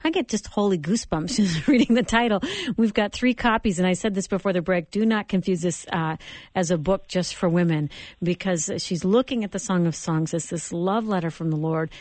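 A woman hosting a Christian radio talk show, interviewing an author with gentle, affirming murmurs. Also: fairly low pitch, fairly quick, no echo. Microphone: studio microphone.

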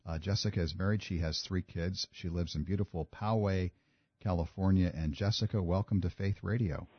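A man's voice: deep voice, steady tone, a little fast, husky, dry recording. A man hosting a radio call-in show, reading promos and interviewing a guest conversationally. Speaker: radio talk show host. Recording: dull lo-fi radio audio with faint music.

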